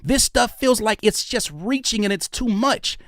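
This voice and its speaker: A man's voice: high-pitched, expressive, a little slow, fairly bright tone, no echo, clean studio sound. A man in his thirties giving heated, preachy reaction commentary on video clips, swearing freely.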